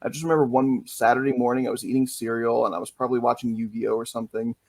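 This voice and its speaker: A man's voice: mid-range voice, level tone, quick pace, a little mellow, dry recording. A man hosting a podcast interview, telling stories with enthusiasm and animation. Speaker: podcast host. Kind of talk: casual interview talk.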